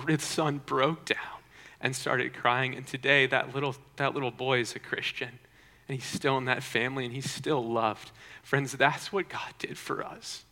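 A pastor preaching with earnest conviction, asking his listeners questions and dropping into quiet pauses for effect. His voice is bright and forceful, and it carries a long reverb through a church hall. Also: mid-range voice. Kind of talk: sermon.

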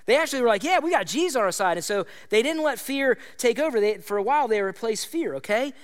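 A man preaching a sermon as pastor, animated and conversational, acting out quoted voices and calling out to the congregation. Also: extremely high pitch, quick pace.

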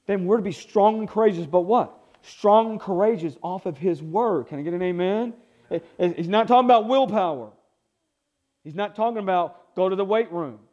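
A man's voice: high voice, a little mellow, muffled recording. A male pastor preaching a sermon, emphatic and repetitive, calling for responses from the congregation.

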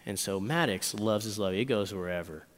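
A man in his thirties preaching a sermon, telling a personal story and acting out his own thoughts in lively bursts. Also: fairly low pitch, brisk. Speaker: pastor. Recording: long reverb in a hall.

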